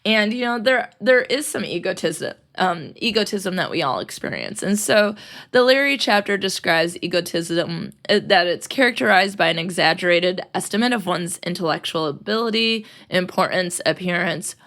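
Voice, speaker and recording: Chatty woman podcast host, gravelly edge. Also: on the low side, animated, normal speed, a bit bright. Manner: chatty, laughs often, acts out quotes. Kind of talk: casual podcast chat.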